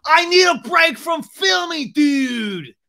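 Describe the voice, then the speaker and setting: A man voicing a frazzled young man who pleads, swears and shouts in a childish tantrum. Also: sits high, very animated, slow, creaky, pitched above the performer's own voice, full character voice. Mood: shouting.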